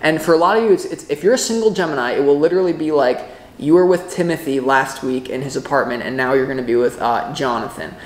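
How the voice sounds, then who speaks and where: A man giving a casual tarot reading to camera, excitable and rambling, often breaking off mid-thought. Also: mid-range voice, quick pace, echoey room. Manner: rambling, excitable, self-interrupting. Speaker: tarot reader.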